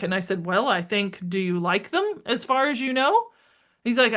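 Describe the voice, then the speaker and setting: A middle-aged woman, a marketing strategist, talking as a podcast guest, energetic and emphatic, acting out bits of dialogue. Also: medium pitch, moderate pace. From United States. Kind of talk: conversational interview.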